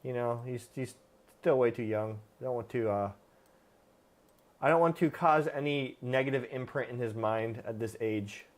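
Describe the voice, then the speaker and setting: Speaking at a moderate pace in a medium-pitched voice, a dog trainer hosting a live stream fields viewer questions about dogs. His manner is plain-spoken and casual, with lots of fillers.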